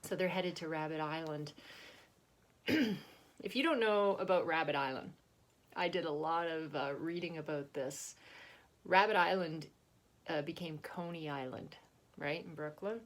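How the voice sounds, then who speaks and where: A woman's voice: low-pitched, unhurried, pauses often. A woman author chatting casually about her book and reading from it. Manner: chatty, laughs often, restarts.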